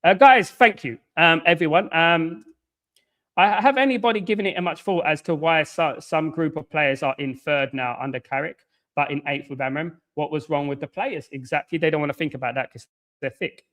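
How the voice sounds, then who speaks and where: A man's voice: fairly high pitch, fairly quick. Rambling man with a raised voice. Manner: rambling, repeats stock phrases and trails off quietly at phrase ends; blunt and scolding toward critics, calls viewers mate. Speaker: live-stream host. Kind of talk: casual live-stream chat answering viewers' comments.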